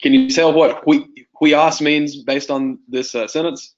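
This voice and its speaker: Guy teaching greek real slow and patient, asks the class lots of questions, muffled lo-fi sound. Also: fairly high pitch, steady tone. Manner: patient, quizzes students with prompting questions.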